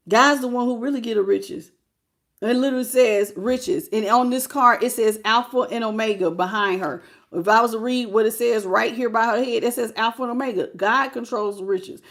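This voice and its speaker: A woman's voice: fairly high pitch, a bit bright. A woman hosting a live tarot reading, preaching about God and greeting viewers by name.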